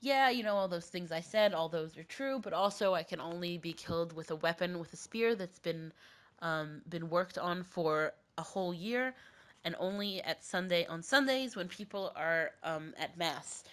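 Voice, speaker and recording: A woman's voice: lowish voice, moderate pace, lightly acted. A woman voicing a boastful, cocky husband from an old myth, talking down in a swaggering way. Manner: swaggering, dismissive. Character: boastful, cocky mythic husband, a grown man.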